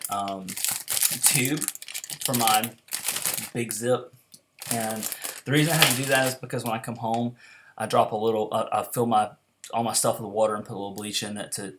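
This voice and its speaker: A man's voice: on the low side, fairly bright tone. Chatty man explaining his hiking gear. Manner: chatty, rambling with fillers and restarts. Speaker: backpacking vlogger. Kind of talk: casual how-to video talk.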